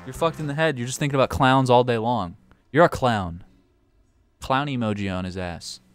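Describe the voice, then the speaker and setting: A man's voice: mid-range voice, moderate pace, clear, resonant tone, faint music behind. A swearing, exasperated male streamer. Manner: profane, ranting, exasperated. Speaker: streamer playing a game show. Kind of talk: live gameplay commentary.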